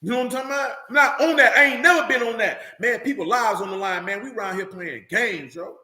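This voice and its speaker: A man with a high, bright, forceful voice delivers a fiery street-style sermon, coarse and blunt. He repeats lines to drive each point home. The sound carries a roomy echo. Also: fast talker. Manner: preachy, blunt and profane, repeating lines for emphasis. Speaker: street preacher.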